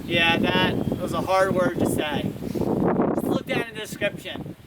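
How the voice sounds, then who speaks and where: A man's voice: sits high, steady tone, a little slow. A man giving a casual, rambling weather vlog outdoors, often correcting himself. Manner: rambling, self-correcting, trying foreign words. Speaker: weather vlogger. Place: outdoors in wind. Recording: distant windy outdoor recording.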